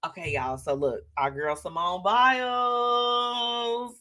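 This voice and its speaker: A woman hosting a live show in an easy, chatty way. She laughs often and throws in slangy asides. Her pitch jumps high and drops low as she reacts to viewer comments. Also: takes it slowly, sharp tone. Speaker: host.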